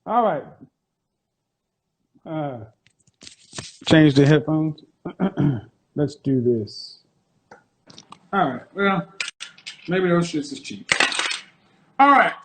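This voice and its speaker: A man's voice: fairly high pitch, expressive, extremely slow, long pauses, fairly bright tone. A man hosting a live stream, lecturing and teasing his audience in a provocative, mocking way. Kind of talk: casual live-stream monologue. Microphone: phone.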